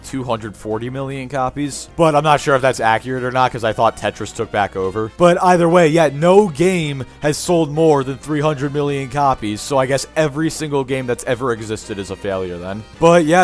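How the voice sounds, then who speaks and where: A man hosting a reaction video, answering the clip with sarcastic, mocking rebuttals. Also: mid-range voice. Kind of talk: reaction commentary.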